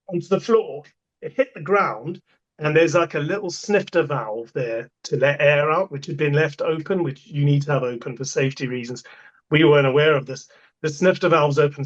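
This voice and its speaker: Podcast guest, man, slightly high voice, animated storyteller, dull lo-fi sound. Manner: animated anecdote, acts out quoted voices. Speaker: guest, festival toilet contractor. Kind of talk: casual storytelling.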